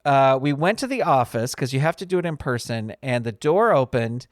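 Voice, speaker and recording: A man's voice: medium pitch, lively intonation, moderate pace, no echo, studio quality. A man hosting his own podcast in a casual, rambling solo chat full of ums and uhs. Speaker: podcast host.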